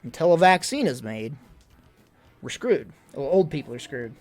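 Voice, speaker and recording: A young man streaming live in casual chat, out of breath, rambling and worried, swinging between loud emphasis and low mutters. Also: very animated, normal speed. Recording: faint music behind.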